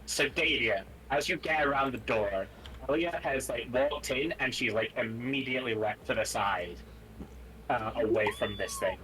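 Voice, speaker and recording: A man's voice: mid-range voice, wildly swooping pitch, moderate pace, sharp tone, low-quality recording. A man narrating as game master of a tabletop game on a live stream, talking casually with plenty of fillers.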